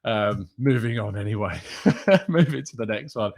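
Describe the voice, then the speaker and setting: An English podcast host chats casually on a live show, calling out viewers by name and slipping into an affected northern accent. He speaks at a moderate pace in a fairly low, gravelly, darkish voice with lively intonation.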